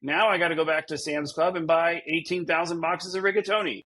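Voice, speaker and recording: Podcast co-host, male, husky tone, rambling and self-deprecating, casual chat. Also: on the high side, fairly even intonation, a little fast, sharp tone.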